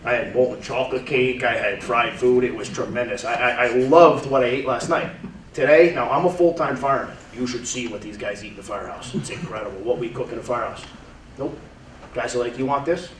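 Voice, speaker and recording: A man's voice: mid-range voice, steady tone, brisk. Thirties guy chatting to a crowd, keeps restarting, roomy echo, mic kinda far. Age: 30s. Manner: chatty, repeats words, restarts. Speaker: testimonial speaker. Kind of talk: casual testimonial talk to a group. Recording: roomy, from far off, faint noise.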